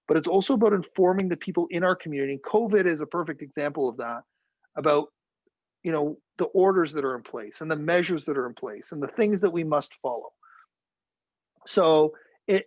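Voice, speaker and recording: A man's voice: a little high, no room sound, highs cut off. A man from Canada, a TV news reporter, telling vivid stories as a guest in a virtual talk and acting out the people he quotes. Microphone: video call.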